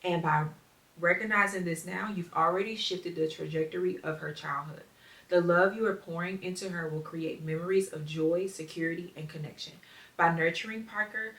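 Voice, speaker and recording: A woman hosting a podcast, reading aloud and reflecting on parenting in an earnest, heartfelt way, her phrase ends often trailing off softly. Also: lowish voice, far from the mic. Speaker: podcast host. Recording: roomy echo, mic set back.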